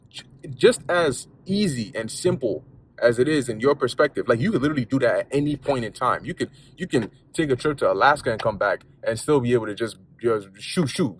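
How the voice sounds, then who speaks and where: A man's voice: mid-range voice, a little hiss or hum. A man giving a casual spoken Bible lesson in a conversational, repetitive way, with street slang and frequent restarts, talking from a car while driving. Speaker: lay preacher.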